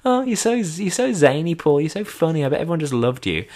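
An English man mimicking his wife in a high, sarcastic, sing-song voice. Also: fast talker, fairly bright tone, lightly acted. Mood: mocking. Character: teasing wife, adult woman, mock-gushing.

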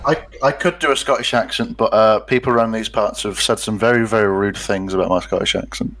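A man's voice: fairly low pitch, steady tone, a little fast, fairly bright tone. A man co-hosting a casual podcast, joking and swearing freely with friends. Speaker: podcast co-host. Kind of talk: casual group chat.

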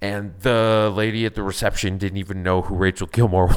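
A man's voice: on the low side, steady tone, fairly quick, hardly any pauses, clean tone. Wry bickering man, casual podcast chat. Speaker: podcast co-host.

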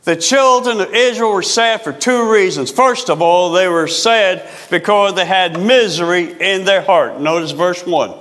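A male pastor preaching a sermon, repeating phrases for emphasis and stretching key words slowly. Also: high-pitched, fairly bright tone, long reverb tail.

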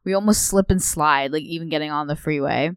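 A young woman co-hosting a podcast, telling a story in a profane, animated way. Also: sits low, fairly quick, clear, resonant tone, no echo. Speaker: podcast co-host. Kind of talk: casual chat.

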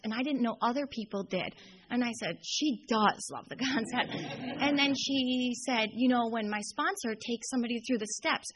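A woman's voice: fairly high pitch, slight background noise, low-quality recording. A young woman telling a long personal story at a recovery meeting, chatty and full of fillers. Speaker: AA speaker. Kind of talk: storytelling talk.

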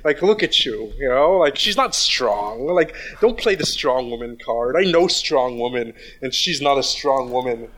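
A man's voice: medium pitch, animated, measured pace, few pauses, a bit bright. A man telling a story in casual chat, rambling with lots of fillers and restarts, crude and blunt.

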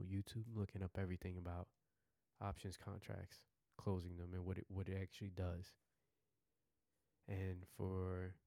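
A man tells his story casually on a podcast, excitable and prone to repeating himself and restarting sentences. His voice is very low and dark, with a gravelly fry. The recording is close and dry. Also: no echo. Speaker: podcast host.

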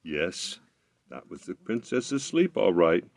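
A man with a low voice reading a fairy tale aloud, his pitch rising and falling with lots of life. He stumbles now and then and corrects himself, recorded close with a dry, deadened sound. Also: slow pace, vocal fry, no room sound. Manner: expressive reading with slips and self-corrections. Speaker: storyteller.

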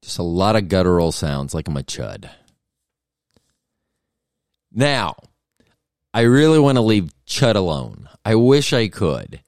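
Here a middle-aged podcast host with a deep, slightly mellow voice meanders through a humorous story that keeps derailing itself. The sound is dry and clean, as from a studio.

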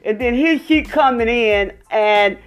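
A woman telling a rambling, animated storytime rant with lots of fillers. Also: fairly high pitch, measured pace.

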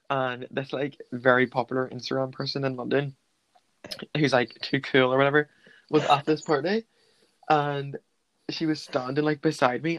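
A young man co-hosting a podcast, chatting casually as a camp, animated storyteller with slangy quips. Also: on the high side, no echo, poor audio. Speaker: podcast co-host. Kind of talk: casual chat.

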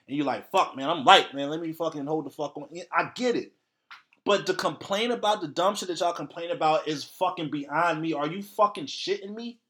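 A man hosting a solo podcast, lecturing his listeners in a blunt, heavily profane rant. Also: a little high. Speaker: podcast host.

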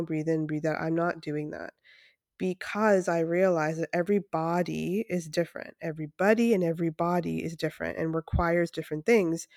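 A woman who hosts a podcast and facilitates breathwork delivers a casual solo monologue in a lowish, darkish voice. She's chatty and enthusiastic, using lots of fillers and restarts, with dry, close sound and no echo.

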